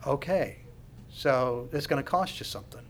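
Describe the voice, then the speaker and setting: A man preaching a sermon with passion, dropping to hushed asides and building to loud declarations. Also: mid-range voice, moderate pace, a little hiss or hum. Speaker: pastor.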